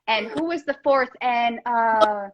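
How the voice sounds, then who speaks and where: A woman hosting a casual chat, talking in a playful, quick way with lots of asides. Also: on the high side, highs cut off. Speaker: host.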